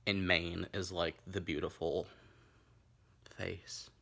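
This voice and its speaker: A man's voice: low voice, little pitch movement, slow, vocal fry, bright, forceful tone. A man from Tennessee, hosting a camp, rambling, crude comic drinking-game video from his bedroom. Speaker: vlog host. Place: bedroom at home.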